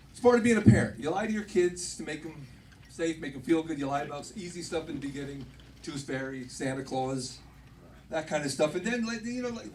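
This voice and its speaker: A middle-aged man hosting a comedy club night, doing stand-up with rambling, self-interrupting punchlines. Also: sits high. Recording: distant mic, loud live audience. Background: audience laughter.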